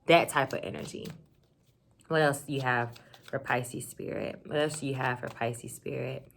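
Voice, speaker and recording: Low-pitched woman doing a tarot reading, chatty and hyped, lots of y'all and like. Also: fairly even intonation, moderate pace, vocal fry, a little hiss or hum. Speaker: tarot reader. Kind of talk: casual tarot reading to camera.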